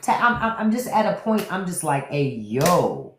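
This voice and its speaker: A woman with a lower voice and hosts a casual live stream. She talks bluntly and jokingly and swears freely. Her voice carries a roomy echo. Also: moderate pace, slight background noise. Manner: blunt, profane and joking, with animated quoted asides. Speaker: podcast host on a live stream.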